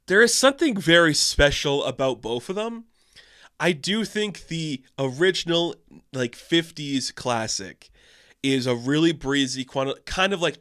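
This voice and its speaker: A man giving a casual, animated film review, full of filler words and rising to loud indignation. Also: a little high. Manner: animated, lots of "like" fillers, gets loudly indignant.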